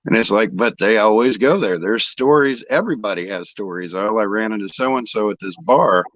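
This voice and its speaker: A man from Indianapolis in the American Midwest tells long, rambling anecdotes in a casual chat, swearing now and then. His voice is lowish and a bit bright, fairly quick, with a dry recording and dull audio.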